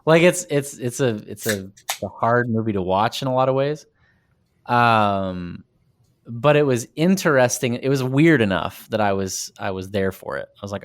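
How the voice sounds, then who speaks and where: Podcast guest: man, mid pitch, loose rambling delivery with laughs. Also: expressive, normal speed. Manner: rambling, laughs often, restarts. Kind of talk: casual film discussion.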